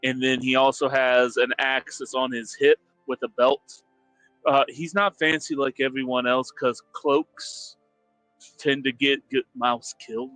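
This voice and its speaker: A man who plays in a tabletop game, describing his character haltingly with many fillers. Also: medium pitch, flat delivery, a bit bright, no echo, faint music behind, low-quality recording.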